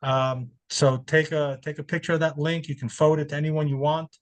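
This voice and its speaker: Talking a little fast in a fairly high voice with little pitch movement, the webinar host keeps things casual on the video call, speaking loosely and repeating himself often.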